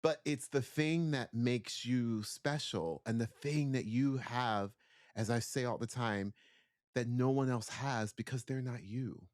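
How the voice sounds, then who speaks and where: A man's voice: medium pitch, a little slow, darkish tone. A man, a stage performer, answering interview questions thoughtfully from his dressing room, searching for words with many "like" fillers. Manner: searching, heavy use of "like" fillers.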